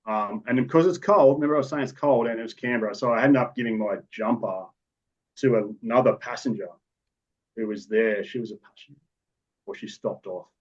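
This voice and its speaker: On a dull, lo-fi podcast recording, an Australian policeman tells stories from his job in a rambling, matter-of-fact manner, often restarting. His mid-range voice is darkish and moves a little fast.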